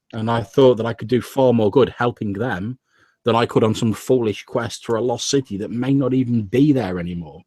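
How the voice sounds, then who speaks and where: A man's voice: lowish voice, a little mellow, dry recording, natural voice. A man voicing an earnest young adult missionary son who stammers and halts as he explains himself. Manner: stammering, halting.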